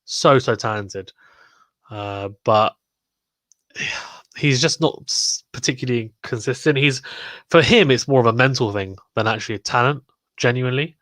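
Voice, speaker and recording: A man's voice: mid-range voice, normal speed, long pauses, a bit bright, no room sound, clean studio sound. A man with a British accent hosting a live watchalong stream, chatting casually and reading viewer comments aloud.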